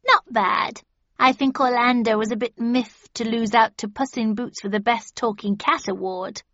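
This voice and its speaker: A woman's voice: fairly high pitch, fairly even intonation, moderate pace, fairly bright tone, dry recording, highs cut off, natural voice. A woman voicing a sly, knowing male cat who speaks grandly and playfully.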